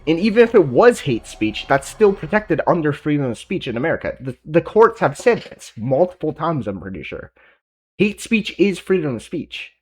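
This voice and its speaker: Ranting, husky-voiced man reacting. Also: fairly high pitch, sing-song, moderate pace. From Canada. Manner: blunt, heavy swearing, ranting. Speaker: reaction streamer. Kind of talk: casual profane commentary.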